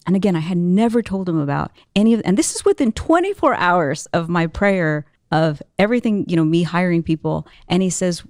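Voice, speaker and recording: A young adult woman recounting her story as an interview guest, her voice dry and close with little room sound. She talks in a lively, quick rush of fillers and restarts, swinging her pitch up when she acts out scenes. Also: no room sound. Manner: animated, fast storytelling with many fillers. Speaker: guest entrepreneur and musician.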